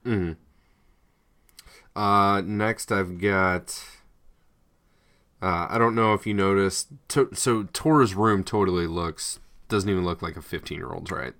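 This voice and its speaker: Deep-voiced man rambling on a podcast. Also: unhurried, long pauses, fairly bright tone. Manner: rambling, hesitant with many fillers. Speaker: podcast co-host. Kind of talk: casual chat.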